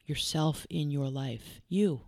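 A woman's voice: deep voice, takes it slowly, vocal fry, dark tone, dry recording, studio quality. A woman who works as a life coach and hosts a podcast. She talks earnestly and directly, firing off strings of probing questions and repeating key phrases for emphasis.

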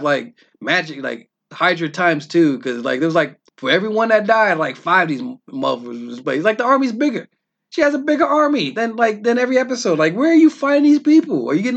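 A man, a self-published author, ranting casually and profanely about a TV finale, exasperated, with quick asides. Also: high voice, a bit bright. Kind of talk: casual rant.

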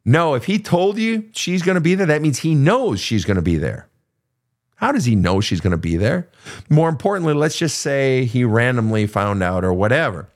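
A man's voice: medium pitch, big pitch swings, normal speed. A man from Minnesota hosting an advice podcast, answering listener questions in a blunt, profane, casual way.

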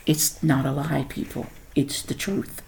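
A woman's voice: deep voice, steady tone, measured pace, vocal fry, background noise. A middle-aged woman hosting a casual podcast chat at home with her son, teasing and laughing. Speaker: podcast host.

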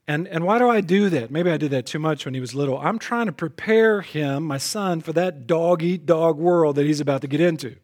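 Preaching briskly with hardly any pauses, this pastor is emphatic and frequently repeats words as he opens a phrase. His delivery swings from loud punches to quiet, lowered asides.

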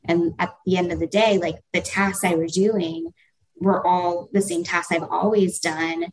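A woman hosting a webinar, speaking from her home office. Her voice sits fairly low for a woman. She talks in a reflective, conversational way. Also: fairly even intonation, a little slow, slightly rough, rough recording. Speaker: host. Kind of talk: webinar talk.

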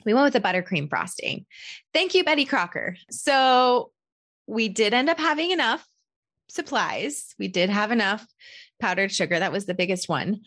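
A woman hosting a podcast, candidly telling a personal story as a parent in an animated, self-deprecating way. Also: mid-range voice, normal speed. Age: adult parent. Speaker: podcast host.

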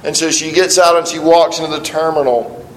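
A man's voice: a little high, steady tone, fairly quick, reverberant, in a large hall, slight background noise, low-quality recording. A middle-aged man preaching an earnest sermon as pastor, often restarting and repeating words.

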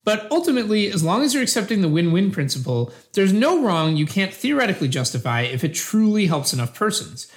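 A man reading the part of an earnest debater who defends utilitarian ethics in a scripted philosophical dialogue, measured and patient. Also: high-pitched, big pitch swings. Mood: calm.

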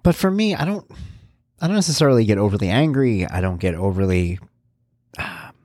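A man's voice: lowish voice, expressive, moderate pace, darkish tone, no echo, studio quality. A man in his forties hosting a podcast, talking candidly and rambling through a personal monologue, now and then acting out voices. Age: 40s. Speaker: podcast host.

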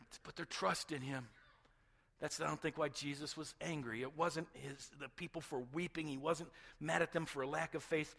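Bright-voiced impassioned male preacher. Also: on the high side, gravelly. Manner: impassioned, repeats words, drops to a near-whisper. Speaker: pastor. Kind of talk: sermon.

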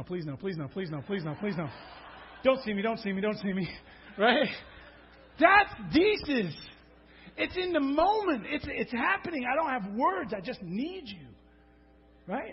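A man preaching a sermon to his congregation, animated, often repeating words and asking "right?", and acting out urgent, crying-out prayers. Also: sits high, in a large hall, highs cut off. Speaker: pastor. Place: church sanctuary.

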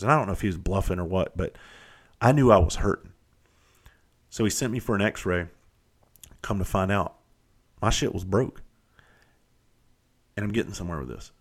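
A middle-aged man with a deep voice speaks at a moderate pace, pausing often. As a podcast host, he delivers a casual storytelling monologue, recounting blunt, profane tales from his own past in a self-deprecating way.

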